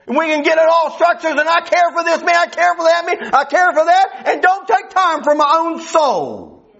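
A man's voice: very high voice, moderate pace, gravelly, a bit bright. A man preaching a sermon, emphatic and full of rhetorical questions, on a dull lo-fi recording.

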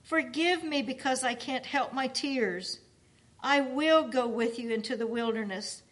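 A timid young woman pilgrim pleads in a high, slow voice, as a woman reads her lines aloud. Her words come out unhurried, distressed and on the edge of tears. The telling is storybook-like and plain. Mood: tearful devotion. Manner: pleading, tearful.

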